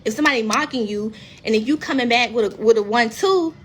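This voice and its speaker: A woman's voice: a little high, fast talker, slight background noise. Blunt, candid woman on a live stream. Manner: candid, blunt, swears freely; acts out quoted speech in lively voices. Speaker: reality TV cast member. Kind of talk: casual live stream talk. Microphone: phone on a live stream.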